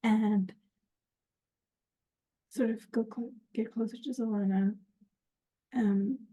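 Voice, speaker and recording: Hesitant woman player, slow and husky. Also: fairly high pitch, fairly even intonation, mellow, rough recording. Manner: slow, hesitant, thinking aloud. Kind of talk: casual game table chat.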